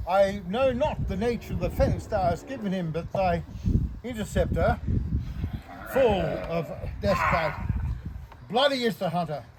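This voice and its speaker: A man playing a jovial, scheming knight in an open-air amateur Shakespeare production, delivering his lines slowly with relish. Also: high-pitched. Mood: ominous. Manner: relishing, drawn-out delivery with bursts of loud declaiming. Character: boisterous scheming middle-aged knight, male, jovial prankster. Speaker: amateur stage actor. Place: open-air stage under the stars. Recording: outdoor stage with background noise.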